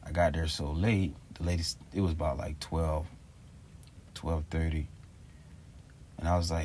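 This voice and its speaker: A man's voice: rumbling low, flat delivery, moderate pace, long pauses, a little mellow, a little hiss or hum. A man telling a story in a rambling, slangy and exasperated way for a casual vlog. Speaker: vlogger.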